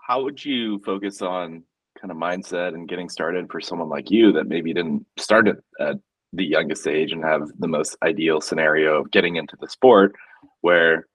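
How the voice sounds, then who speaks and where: A man's voice: sits low, moderate pace, fairly bright tone, dry recording, distant mic, low-quality recording. A man hosting a podcast, asking long, rambling questions as he thinks aloud. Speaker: podcast host. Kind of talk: interview questions.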